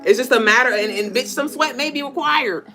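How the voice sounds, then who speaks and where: A woman hosting a live spiritual reading stream, talking in an animated, profane, laughing way and breaking into chants. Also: high voice, a little fast, over music. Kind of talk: casual live-stream tarot-style reading.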